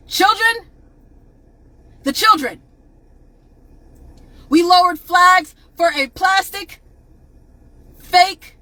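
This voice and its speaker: A woman on a livestream, angrily ranting to viewers, swearing and often shouting. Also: high voice, no echo, low-quality recording. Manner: angry, profane, repeatedly shouting at viewers. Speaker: advocate on a livestream. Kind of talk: impassioned livestream rant.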